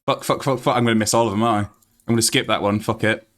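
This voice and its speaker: A British man streaming a game and chatting to his viewers. His voice sits a little low, but he gets excitable, laughs often and swears freely. It is loose, unscripted live-stream talk. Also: rapid-fire. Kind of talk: live-stream chat while gaming.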